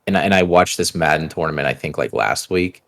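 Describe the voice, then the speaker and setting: A man's voice: very deep voice, animated, a little fast, vocal fry, a bit bright. A man co-hosting a gaming podcast, reading listener questions aloud and chatting loosely. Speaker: podcast co-host. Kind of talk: casual chat.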